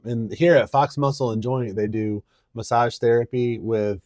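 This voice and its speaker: Woman host, extremely low pitch, supportive interviewer, dry recording. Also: fairly even intonation, moderate pace, a little mellow, no room sound. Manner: supportive, frequent murmured agreement. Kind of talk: casual interview chat.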